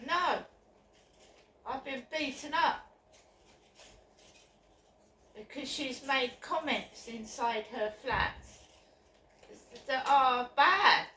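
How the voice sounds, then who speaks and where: Speaking slowly in a high, pushed and bright voice, a vlogger films herself outdoors near her flats. She sounds upset and insistent and keeps repeating herself, far from the mic in an echoey, off-mic recording with faint noise.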